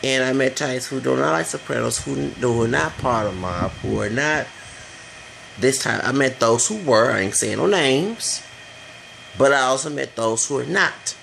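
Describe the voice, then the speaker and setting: Gravelly man ranting in a vlog. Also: medium pitch, expressive, moderate pace, a bit bright, a little hiss or hum, rough recording. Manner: rambling, blunt, swears freely. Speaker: vlogger. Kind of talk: casual opinion rant.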